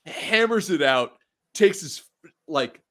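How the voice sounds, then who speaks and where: A man in his thirties, a guest on a podcast, telling a story in a lively, animated way. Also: a little high, slow pace, dry recording, clean studio sound. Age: 30s. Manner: animated, lively storyteller who acts out other people's lines and laughs often. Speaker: whiskey brand founder, podcast guest.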